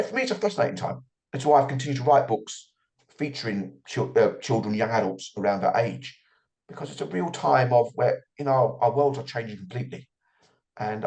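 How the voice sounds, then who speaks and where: A man's voice: mid-range voice, gravelly, a little mellow. A middle-aged man answering as an author guest in an interview, reflective and often repeating his words as he starts a thought.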